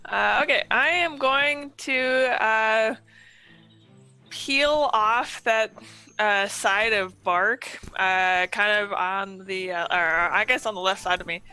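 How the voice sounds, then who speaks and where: A woman at a tabletop game explains her character's action, her voice bright and clear. She hesitates often and pauses as she works out the move. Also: medium pitch, faint music behind. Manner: hesitant, full of fillers. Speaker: player. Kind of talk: casual tabletop play.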